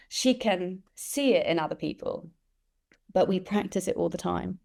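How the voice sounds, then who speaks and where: A woman, a guest who tells lively stories and acts out the voices of the people she quotes. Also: lowish voice, normal speed, gravelly. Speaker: interview guest, empathy expert. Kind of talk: conversational storytelling.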